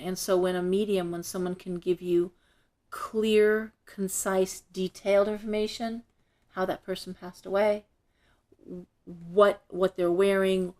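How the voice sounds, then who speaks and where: A middle-aged woman, a shop owner, telling stories as an interview guest in an animated way, acting out the voices of the people in them. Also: lowish voice. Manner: animated, acts out quoted voices when telling a story. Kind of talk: casual storytelling in an interview.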